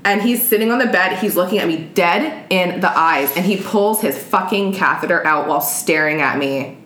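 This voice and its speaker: A young woman with a slightly low voice chats casually, swearing freely and acting out what others said. The sound bounces around an echoey room. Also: moderate pace, fairly bright tone. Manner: chatty, swears freely, acts out quotes. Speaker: guest. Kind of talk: casual chat, storytelling.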